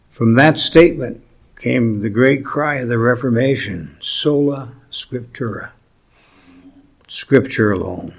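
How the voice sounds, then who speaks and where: A male pastor delivering a sermon at an unhurried pace, leaning on key words with deliberate pauses. His voice sits at an ordinary middle pitch, and he slips in gentle humor between points. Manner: slow, deliberate preaching with emphatic pauses and light humor.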